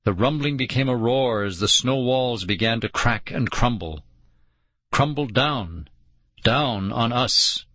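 A man narrating an audiobook in a slow, dramatic storytelling manner. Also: mid-range voice, expressive, sharp tone, no room sound.

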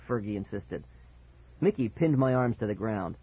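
A man tells a first-person children's scare story with a lively, dramatic delivery. His voice has a husky grain. The sound is dry and narrow, like a phone line. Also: on the low side, normal speed. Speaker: audiobook narrator.

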